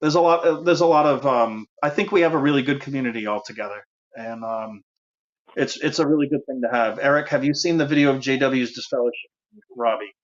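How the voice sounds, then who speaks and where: A man's voice: mid-range voice, fairly quick. Chatty Rhode Island man on speakerphone. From Rhode Island, USA. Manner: chatty, easily distracted, many fillers and restarts. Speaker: host. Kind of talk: casual call-in livestream chat. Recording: dull lo-fi speakerphone audio.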